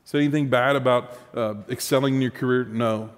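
A man's voice: medium pitch, steady tone, a little fast, big-room sound. A man preaching a sermon as pastor, conversational and humorous, with asides to the congregation.

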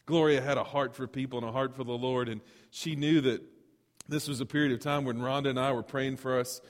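A middle-aged male pastor telling stories in a sermon, swinging from loud to hushed. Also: medium pitch, fairly even intonation, a little fast. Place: church sanctuary. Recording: long hall reverb.

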